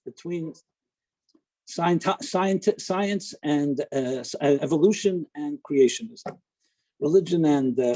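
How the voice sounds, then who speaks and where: Rabbi, male, relaxed informal talk, husky timbre, chatty storyteller. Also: on the high side, low-quality recording. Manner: chatty, digressive storyteller with humor.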